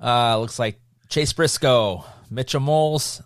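Brisk man leading a casual chat. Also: medium pitch, no echo, studio quality. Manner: brisk, leads the talk, reads out lists. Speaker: podcast host.

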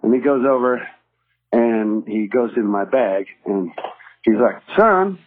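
A man casually telling a story, breaking into lively impressions of the people in it. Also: on the low side, measured pace, narrow, tinny audio, slight background noise. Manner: animated, acts out the cop's lines.

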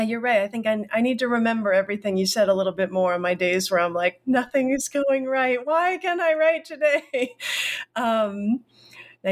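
A middle-aged woman hosting an academic podcast interview, effusive and animated, with a self-deprecating, chatty way of talking. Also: medium pitch. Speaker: podcast host.

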